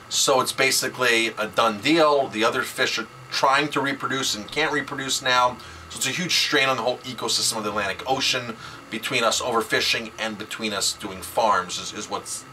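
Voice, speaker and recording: A man's voice: medium pitch, bright, forceful tone, a little hiss or hum, rough recording. A man, a chef, talking casually on his video blog, emphatic and repeating words for stress. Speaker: chef and food advocate.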